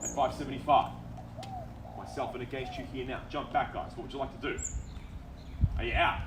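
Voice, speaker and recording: Aussie auctioneer guy rattling off bids fast, mic far off, street noise behind. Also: mid-range voice, little pitch movement. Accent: Australian. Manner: fast, persuasive auction patter with repeated bid calls. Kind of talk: live property auction calling. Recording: distant outdoor mic with background noise.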